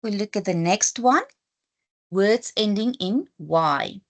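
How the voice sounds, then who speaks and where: A woman's voice: medium pitch, expressive, slow. A woman teacher with a South African accent giving a patient spelling lesson, spelling out letters one by one. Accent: South African English. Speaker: English teacher. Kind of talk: slow, deliberate classroom lesson.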